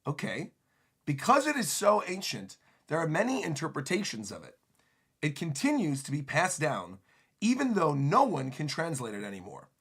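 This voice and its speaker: An excitable man reacts to a manga chapter on a livestream, with commentary that leaps between high and low. His voice is gravelly and husky, and he speaks into a desk microphone. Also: moderate pace. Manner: excitable, laughing, animated commentary.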